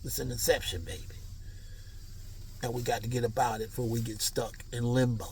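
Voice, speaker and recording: A man's voice: medium pitch, steady tone, a little fast, a little mellow, slight background noise. A man vlogging a rambling, slangy motivational monologue.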